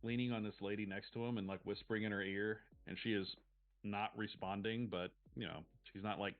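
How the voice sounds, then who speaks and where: A man's voice: lowish voice, fairly even intonation, fairly quick. Man narrating a tabletop game, tinny. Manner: loose, filler-heavy describing. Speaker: game master. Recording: tinny phone-like sound, faint music.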